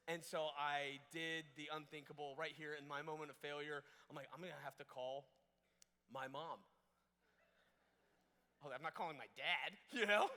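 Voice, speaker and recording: A young man telling a funny story in a youth camp sermon, animated and jokey, acting out what people said. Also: fairly high pitch, normal speed, smooth. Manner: animated, jokey, acts out quotes in different voices. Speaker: camp speaker. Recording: echoey hall reverb.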